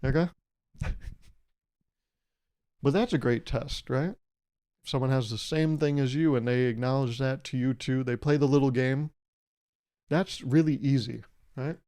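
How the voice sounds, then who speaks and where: A man's voice: medium pitch, steady tone, unhurried, pauses often, mellow. A man hosting a solo podcast, talking casually and playfully, acting out imagined conversations. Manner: playful, rambling, acts out imagined dialogues. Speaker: podcast host. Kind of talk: casual comedic monologue.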